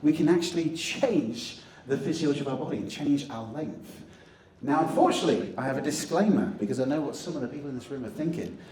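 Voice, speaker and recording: A man's voice: a little high, animated, quick pace, darkish tone, a little hiss or hum. A young man giving a jokey motivational stage talk, leading the audience in chants and magic tricks. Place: conference hall stage. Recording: echoey hall, distant mic, faint ambience.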